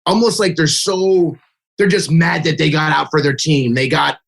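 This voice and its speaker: A man's voice: a little high, fairly even intonation, moderate pace, vocal fry, a bit bright. A man who coaches youth baseball, telling stories in a casual interview, chatty and full of "like", acting out quotes. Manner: chatty, fills speech with "like", acts out kids' and his own quotes. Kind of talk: casual interview chat, storytelling.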